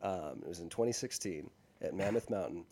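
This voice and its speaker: A man with a husky, rather low voice co-hosts a casual podcast. He jokes freely and stumbles through quick restarts as he talks. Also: animated, warm tone. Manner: jokey, quick, many false starts. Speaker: podcast co-host.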